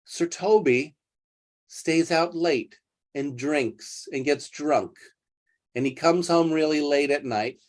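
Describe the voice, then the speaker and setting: A man's voice: on the high side, slow pace. A man teaching English, retelling a play and explaining words in plain terms. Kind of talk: literature lesson retelling a play.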